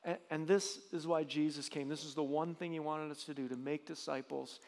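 A man's voice: a little high, fairly even intonation, brisk, a little mellow, big-room sound. A man preaching a sermon as pastor, earnest, with frequent restarts and rising emphasis.

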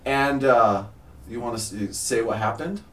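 A man's voice: medium pitch, unhurried. A man in casual chat, telling prank stories with lots of laughter as a resident of a rehab house. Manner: laughing, animated storytelling. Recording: echoey room, faint ambient noise.

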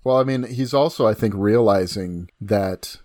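A man co-hosting a casual film discussion, talking quickly and rambling with many restarts. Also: fairly low pitch, a little mellow, dry recording, clean studio sound. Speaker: podcast co-host.

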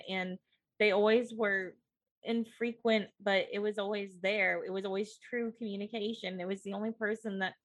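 A woman voicing a lonely, gentle young woman in a tabletop role-play, speaking softly and earnestly. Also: mid-range voice, no echo, natural voice.

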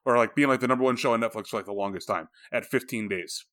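A man's voice: mid-range voice, fast talker, a bit bright, no room sound, clean studio sound. A man co-hosting a casual podcast, chatty and loose, full of "like" fillers. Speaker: podcast co-host.

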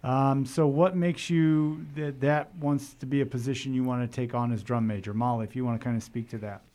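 A middle-aged man hosts a casual school podcast, his voice sitting at an ordinary middle pitch. He talks in a friendly, halting way, full of "uh" and "um" as he chats with students. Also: fairly even intonation, darkish tone. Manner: friendly, halting, many fillers. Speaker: high school principal hosting a podcast.

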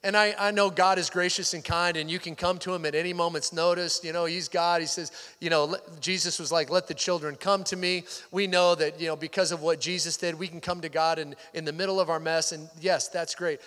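A man's voice: on the high side, steady tone, a little fast, few pauses, a bit bright. A male pastor giving a Sunday sermon in a conversational way, sometimes dropping to a near-whisper. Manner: conversational, drops to near-whisper for intimate points. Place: church sanctuary. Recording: hall reverb.

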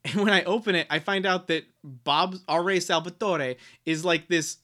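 Podcast guy rambling sarcastically, kinda high bright voice, swears a lot. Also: normal speed. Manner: rambling, sarcastic, mock-dramatic, swears freely. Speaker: podcast co-host. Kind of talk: casual podcast chat.

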